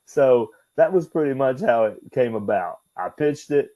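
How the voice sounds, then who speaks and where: A man's voice: medium pitch, expressive, normal speed, dark tone, no room sound, muffled recording. A man who used to wrestle, talking as an interview guest in a loose, swearing style, laughing as he tells his stories. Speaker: guest, former pro wrestler. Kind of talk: casual interview storytelling.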